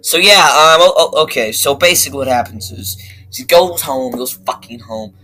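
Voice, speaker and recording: A young man giving a casual movie review, rambling and excitable, swearing constantly and restarting his sentences. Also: mid-range voice, moderate pace, poor audio. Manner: profane, excitable, rambling with many fillers and restarts.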